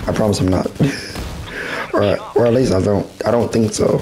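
A man hosting casual gameplay commentary, his voice hoarse and rough as if it is going out, chatting and reacting with quick exclamations while he races. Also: lowish voice, dark tone, rough recording. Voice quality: rough, smoker-like. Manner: chatty, laughs often, exclaims at the race. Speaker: gaming channel host.

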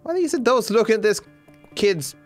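Animated Australian man riffing on a game. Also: high-pitched, brisk, soft background music. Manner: joking, sarcastic, swears casually. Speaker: streamer. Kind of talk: live gameplay commentary.

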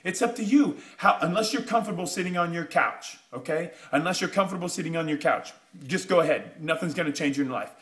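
Emphatic man giving a motivational pitch. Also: lively intonation, quick pace, hardly any pauses, roomy sound. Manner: emphatic and repetitive, building to loud urgency. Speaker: motivational speaker.

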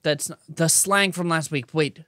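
A young man co-hosting a podcast in casual chat, goofy and excitable, laughing a lot. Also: a little high, moderate pace. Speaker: podcast co-host.

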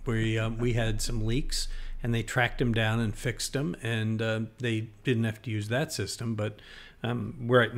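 A man co-hosting a home improvement radio show, chatting in a rambling way and reading listener questions. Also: mid-range voice. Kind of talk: casual radio call-in chat.

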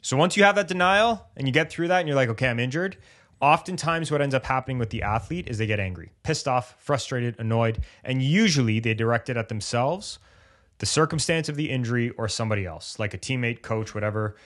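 A man co-hosting a podcast on sports injury recovery, who talks casually and acts out the thoughts of injured athletes in lively bursts. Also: mid-range voice, fairly quick. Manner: animated, acts out athletes' inner voices.

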